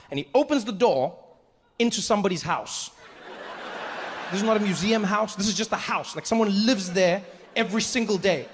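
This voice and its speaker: A man's voice: fairly quick, long reverb tail, slight background noise. Man telling a stand-up story. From South Africa. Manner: conversational, low-key narrating with playful asides. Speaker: stand-up comedian.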